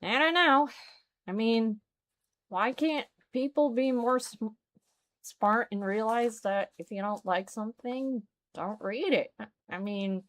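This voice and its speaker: A woman's voice: on the high side, slow, a bit bright. A woman streaming a game, chatting casually and exclaiming as she plays. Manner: chatty, exclaims and reacts aloud. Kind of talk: casual let's-play chat.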